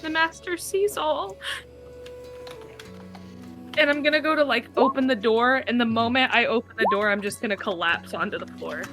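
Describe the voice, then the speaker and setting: A woman playing a tabletop game, excitable and giggly, reacting emotionally to the story. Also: on the high side, quick pace, few pauses. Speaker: player. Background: soft background music.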